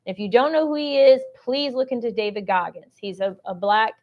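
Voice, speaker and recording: A woman's voice: a little high, a little fast, highs cut off. A woman hosting a live-streamed shopping show, talking chattily and salesy while reading out and answering viewer comments. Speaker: host of a live shopping stream on government contracting.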